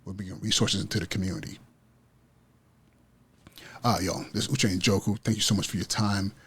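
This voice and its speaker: A man's voice: lowish voice, steady tone, brisk, a bit bright, husky. A man hosting an education podcast, talking with passion and emphatic repetition about teaching kids to win. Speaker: podcast host, school principal. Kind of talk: motivational podcast monologue.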